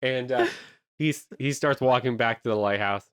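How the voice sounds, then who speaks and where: A man hosting a comedy podcast, telling an improvised movie pitch with lots of energy and silly voices. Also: normal speed, smooth, no room sound, clean studio sound. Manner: animated storytelling with silly voices.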